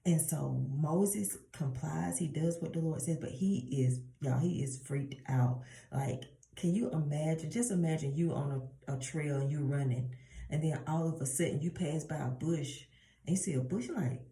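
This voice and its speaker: Woman, casual Bible teacher, deep dark tone, lively storytelling, roomy sound. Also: moderate pace, vocal fry. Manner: animated storytelling, addresses listeners as y'all. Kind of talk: casual preaching. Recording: roomy echo.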